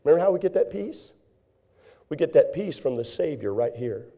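A man preaching a folksy, animated sermon as pastor, now and then acting out frantic voices. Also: a little high, normal speed, vocal fry.

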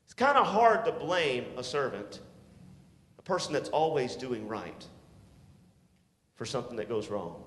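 A man preaching a sermon to teenagers, swinging from shouts to hushed tones and calling for responses. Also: mid-range voice, sing-song, unhurried, long pauses. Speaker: youth pastor. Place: church sanctuary. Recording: echoey hall.

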